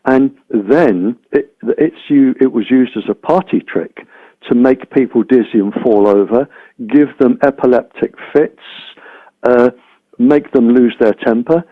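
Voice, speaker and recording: Slow man over a tinny phone-like line. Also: medium pitch, no echo. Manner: deliberate, listing, hesitant ums. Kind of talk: slow explanatory talk.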